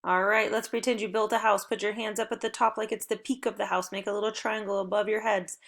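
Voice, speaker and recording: A young adult woman teacher leading a recorded phonics lesson for children, with upbeat, encouraging, clearly paced prompts. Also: mid-range voice, flat delivery, quick pace, fairly bright tone.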